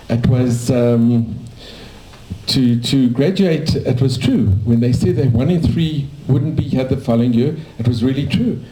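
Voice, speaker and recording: In an echoey cafe room, a South African dentist in his sixties tells his life story to a small audience. His medium-pitched voice is mellow, and his casual storytelling rambles from anecdote to anecdote.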